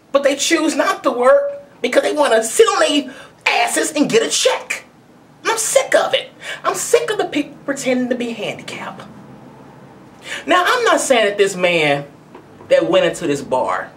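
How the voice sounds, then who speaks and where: A woman's voice: mid-range voice, a bit bright. A woman giving a blunt, conversational commentary rant to camera as a video blogger.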